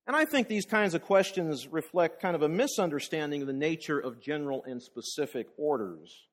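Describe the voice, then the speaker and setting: A man's voice: on the high side, lively intonation, a little fast. A man preaching a conversational sermon, asking the congregation rhetorical questions and often repeating words as he restarts.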